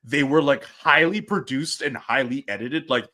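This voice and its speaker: A man talking as a guest on a casual sports podcast, chatty and animated as he tells stories. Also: medium pitch, normal speed.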